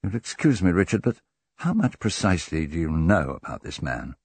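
Measured, businesslike doctor, low and husky, read by a male narrator. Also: sing-song, a little mellow, no echo, heavily acted. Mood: grave. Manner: grave, deliberate, businesslike. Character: stern middle-aged male country doctor. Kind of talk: audiobook character reading.

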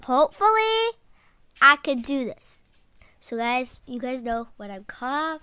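A woman's voice: sits high, big pitch swings, slow pace, bright, forceful tone, clean tone, no room sound, poor audio. A woman giving casual, stressed-out gameplay commentary, exclaiming often and saying "like" a lot. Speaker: gaming channel host.

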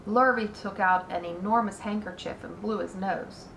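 A woman teacher reading a children's book aloud in a slow, deliberate manner. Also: medium pitch, steady tone, gravelly, a bit bright, slight background noise. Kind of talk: read-aloud storytelling. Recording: roomy echo.

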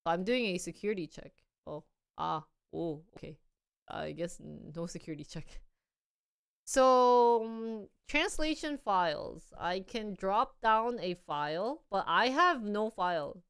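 Lively, smooth-voiced young woman streamer. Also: medium pitch, unhurried. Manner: chatty, playful, thinking aloud while trying things out. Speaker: live streamer. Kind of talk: casual live-stream chat.

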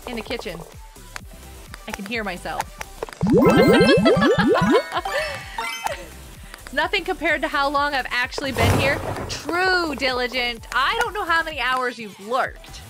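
A young woman chatting excitedly with viewers as she streams a game. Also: sits high, slow, long pauses. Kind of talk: live gameplay commentary. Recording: game music behind. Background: game music.

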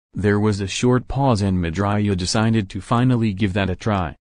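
A man narrating a fan fiction story in a steady storytelling manner. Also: on the low side, moderate pace, dry recording, studio quality.

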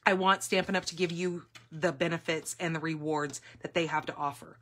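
Woman, live craft demo, gushing and chatty, fairly low voice, camera mic at a work table. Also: a little fast. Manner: chatty, gushing, excitable with fillers. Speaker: papercraft demonstrator hosting a live class. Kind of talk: casual live craft demonstration.

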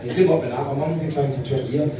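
A man's voice: mid-range voice, rapid-fire. Glaswegian man in an echoey hall. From Scotland. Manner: animated storytelling, bursts into loud shouting impressions. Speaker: stand-up comedian. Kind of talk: stand-up comedy set. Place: live venue with audience. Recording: echoey distant room mic with noise.

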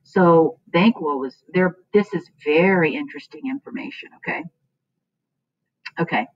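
A woman's voice: on the low side, measured pace, no echo. A woman teacher explaining a play to her students in a casual, chatty way, with many fillers. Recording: dull dry lo-fi recording.

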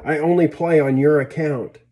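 A man's voice: a little high, fairly even intonation, normal speed, dull audio, lightly acted. A man voicing a prim, self-denying young woman with a prickly way of speaking, in a read-aloud story.

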